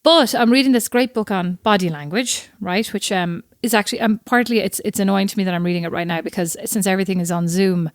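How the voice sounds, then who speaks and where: A woman in her thirties chats as a podcast co-host, her voice sitting at a middling pitch. She tells stories with quick asides and plenty of animation. The sound is dry and close, with no room around it. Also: no room sound. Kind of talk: casual chat.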